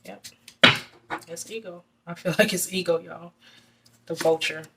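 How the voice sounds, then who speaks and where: Low-voiced woman giving a tarot reading. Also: fairly even intonation, measured pace, heavy background noise. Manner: earnest, repetitive, addressing viewers directly. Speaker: tarot reader. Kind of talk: casual tarot reading to camera.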